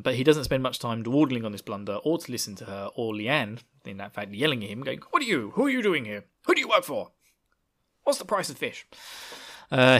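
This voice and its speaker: Casual male podcast host, rambling and jokey, mid-pitched. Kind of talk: casual chapter recap.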